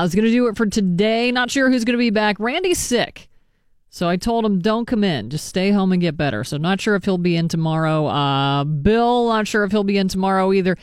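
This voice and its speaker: A morning radio host, wrapping up the show in a relaxed, offhand way. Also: medium pitch, smooth, dry recording, clean studio sound. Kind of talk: radio sign-off.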